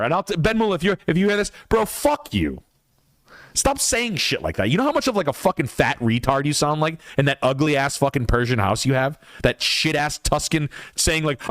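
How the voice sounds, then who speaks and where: A man hosting a podcast rants hotly and swears freely. His pitch leaps all over the place. The mic is close and dry in a studio. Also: moderate pace, no room sound. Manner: heated, profane, animated. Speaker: podcast host. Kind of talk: casual rant on a livestream.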